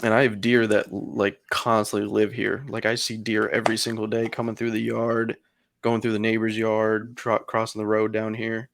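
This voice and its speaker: A man's voice: fairly low pitch, monotone, normal speed, vocal fry, no echo. A man co-hosting a podcast, telling a long story in casual chat with lots of fillers and some swearing. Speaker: podcast co-host.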